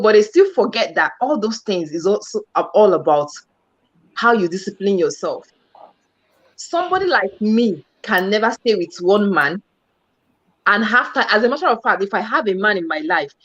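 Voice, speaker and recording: A woman's voice: mid-range voice, dull audio. A middle-aged woman in casual conversation, often repeating words as she searches and checking in with "you understand?". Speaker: channel host.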